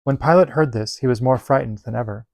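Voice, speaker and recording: A man reading Bible passages aloud in a steady, measured delivery. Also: mid-range voice, gravelly, dry recording. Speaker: Bible reader.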